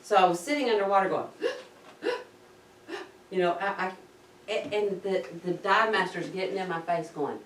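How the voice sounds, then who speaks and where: A woman casually telling a personal story to camera, animated and acting out her own gasps of panic. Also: medium pitch, fairly quick, recorded from a distance, a little hiss or hum. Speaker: diving vlogger recounting her scuba course. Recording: roomy echo, speaker set back from the mic.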